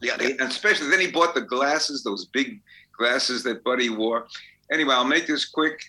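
An older songwriter telling rambling anecdotes in a casual interview. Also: male voice, mid-range voice, normal speed, pushed and bright, poor audio. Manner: rambling anecdotes with fillers and restarts. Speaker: songwriter guest.

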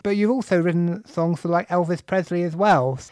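Guy hosting an interview, high and gravelly, dry sound. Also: brisk, a little mellow, dry recording. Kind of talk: interview questions.

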